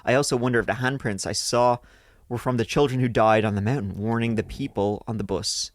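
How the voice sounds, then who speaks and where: In studio-clean sound with no room echo, a man with a steady, mid-range voice reads listener stories a little fast. Hosting his podcast, he drops crude jokes between read passages in casual banter.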